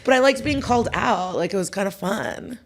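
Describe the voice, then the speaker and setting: A woman's voice: mid-range voice, expressive, brisk, a crowd in the background. A woman comedian talking as a podcast guest, frank and reflective, often restarting her sentences. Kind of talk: casual chat.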